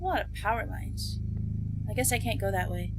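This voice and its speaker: A woman's voice: mid-range voice, expressive, normal speed, very noisy. A young woman streaming a horror game, nervously talking to herself and her chat as she explores. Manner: jittery and talkative, asking the game questions. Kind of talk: live-streamed gameplay commentary.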